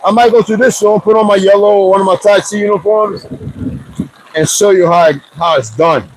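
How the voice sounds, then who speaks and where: Man, fairly high voice, easygoing vlogger who rambles and jokes to camera. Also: brisk, low-quality recording. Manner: loose, rambling, joking asides. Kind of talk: casual rambling chat to viewers.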